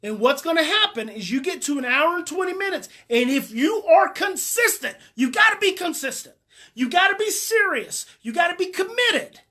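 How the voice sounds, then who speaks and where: A woman's voice: very high voice, big pitch swings, moderate pace, pushed and bright. A woman parenting coach giving live advice, speaking emphatically and repeating her key points as she coaches listeners directly.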